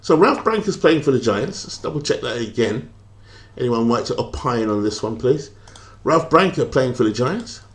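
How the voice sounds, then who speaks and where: A man's voice: medium pitch, sing-song, moderate pace. A British man streaming a baseball simulation, chatting casually, thinking aloud and reading out viewer comments, with lots of hesitant fillers. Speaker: game streamer.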